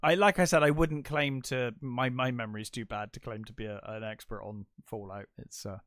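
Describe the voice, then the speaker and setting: A man's voice: medium pitch, fairly even intonation, fairly quick, fairly bright tone, dry recording, clean studio sound. A middle-aged man co-hosting a casual film podcast, hedging and hesitant, with many ums and restarts. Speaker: podcast co-host. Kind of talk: casual film review chat.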